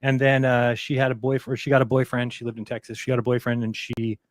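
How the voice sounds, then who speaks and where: A talk show co-host rambles fast through an anecdote, doing animated impressions of the people he quotes. His voice is mid-range, and the recording is dry.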